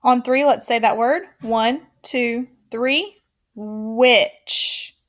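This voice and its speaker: A woman teacher giving a recorded phonics lesson to young children, slow and clear, encouraging, with counted call-and-response. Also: on the high side.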